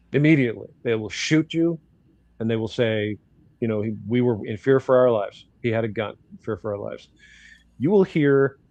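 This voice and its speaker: An older man, a grandfather appearing as a guest commentator, tells a story bluntly and outspokenly in casual talk, acting out the dialogue in quotes. His voice is medium-pitched and darkish, with no echo.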